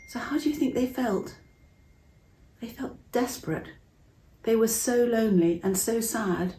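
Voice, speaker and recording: A middle-aged woman from England telling a Bible story to children in a chatty, expressive way, acting out the voices. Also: on the high side, a little slow, roomy sound.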